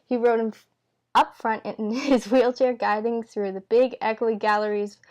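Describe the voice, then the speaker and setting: A woman reading a novel aloud at home in a relaxed, unpolished way. She trips over words, backs up and rereads them. The characters' lines come in her own plain voice. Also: a little high, normal speed, dull audio. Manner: stumbles and corrects herself with asides. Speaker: amateur reader. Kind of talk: casual read-aloud of a novel.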